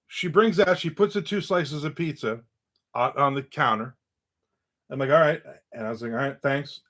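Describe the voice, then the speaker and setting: A man's voice: medium pitch, fairly bright tone. A middle-aged man casually telling a story about his day, acting out the voices of the people in it. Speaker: vlogger telling an anecdote.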